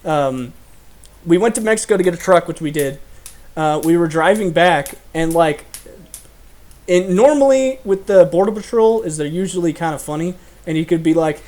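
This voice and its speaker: A man's voice: on the high side, moderate pace, a little mellow. A young man hosting a casual chat, telling stories animatedly and laughing often. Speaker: host.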